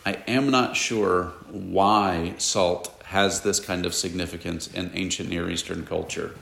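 A man teaches a Bible lesson to a class, explaining as he goes and stopping to put questions to the students. His voice sits low with a gravelly edge. The sound carries the echo of a classroom. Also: fairly even intonation, measured pace, a bit bright. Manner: explanatory, asks the class questions, casual asides. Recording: echoey room.

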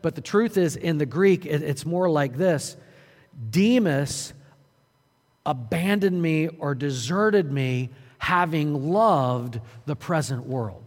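Male pastor, fairly high voice, preaching with earnest, urgent swings in volume; long hall reverb. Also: slow. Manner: earnest preaching, rising to loud urgent emphasis and dropping to quiet. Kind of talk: sermon.

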